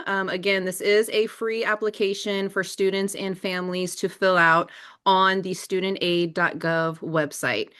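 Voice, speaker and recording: A woman's voice: mid-range voice, moderate pace, a bit bright. A woman, an assistant director presenting an informational webinar over a video call, friendly and emphatic with frequent fillers.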